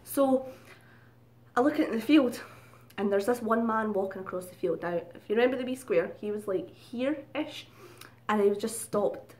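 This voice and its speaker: A woman's voice: on the high side, moderate pace, a little mellow. A woman talks straight to her viewers in a casual storytelling vlog. She is chatty and unguarded, swears freely and laughs at herself along the way. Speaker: vlogger.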